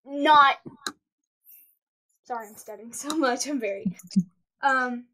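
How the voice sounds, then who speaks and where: A woman's voice: high-pitched, animated. A woman voicing a nervous office worker who halts and apologizes as she talks in an improvised voice role-play. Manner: halting, apologetic.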